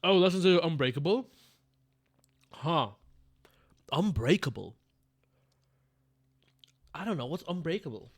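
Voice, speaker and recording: A young man streaming a game live, swearing freely and calling his chat "bro" while he guesses out loud. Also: a little high, measured pace, long pauses. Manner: profane, excitable, calls the chat bro.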